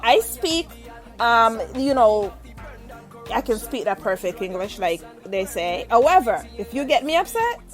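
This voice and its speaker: A woman's voice: on the high side, measured pace, faint music behind. A middle-aged Jamaican woman with a Jamaican accent, hosting a casual interview and laughing often as she chats. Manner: laughs often, chatty and animated. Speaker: interview host.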